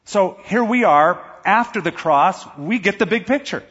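A man preaching a sermon, animated and slowing down to stress key words. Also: sits high, slightly rough. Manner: animated, slows down for emphasis. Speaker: pastor. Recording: echoey hall, dull sound.

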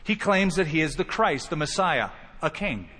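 A pastor preaches with emphasis, his fairly high voice jumping up whenever he acts out a quoted line. His words ring through a large hall with a long, trailing reverb. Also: very animated, moderate pace, fairly bright tone. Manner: emphatic preaching, acting out quoted lines with rising pitch. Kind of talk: sermon.

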